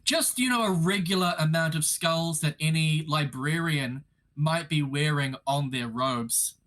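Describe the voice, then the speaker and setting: A man's voice: a little high, fairly even intonation, measured pace, a bit bright. A man narrating as game master of a tabletop game, describing the setting in a playful, theatrical way.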